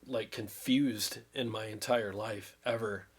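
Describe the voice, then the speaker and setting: A man's voice: fairly low pitch, steady tone, takes it slowly, breathy edge. A man in his fifties chatting on a livestream, earnest and rambling, at times emotional as he thanks viewers. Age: 50s. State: recovering from illness, drained. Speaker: livestream host. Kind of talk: casual livestream chat.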